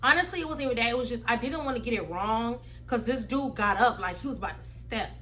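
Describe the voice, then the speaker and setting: A woman telling a wild personal story on her vlog, animated and slangy, acting out everyone's voices. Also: on the high side, quick pace. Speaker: vlogger.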